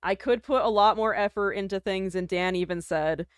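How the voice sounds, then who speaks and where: A woman's voice: medium pitch, normal speed, smooth, dry recording, studio quality. A woman streaming live, chatting casually with her viewers, self-deprecating, laughing often and swearing freely.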